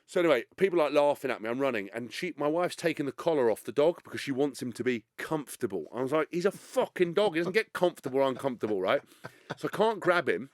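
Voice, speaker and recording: Fast-talking man telling a story. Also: a little high, no echo. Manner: animated, swears freely, acts out quotes in other voices. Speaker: podcast guest. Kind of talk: casual storytelling chat.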